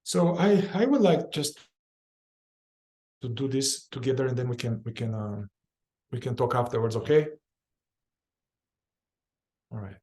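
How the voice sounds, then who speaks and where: Warm and animated at a medium pitch, this man runs a guided somatic therapy session in a casual, repetitive style. He acts out inner voices with rapid chanted lines, cursing now and then.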